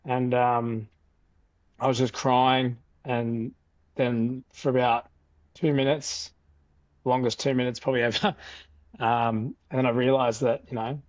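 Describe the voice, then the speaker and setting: Australian man, young adult, dry sound, mid pitch, casual storyteller. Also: unhurried, long pauses, no echo, lo-fi sound. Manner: animated retelling, loose with fillers and restarts. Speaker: podcast guest.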